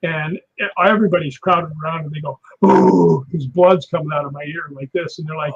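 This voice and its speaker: On a live show, a stunt performer guest with a husky voice talks fast, animatedly recounting stories and mimicking impacts with noises such as "boom" and "whap." The sound quality is muffled and lo-fi.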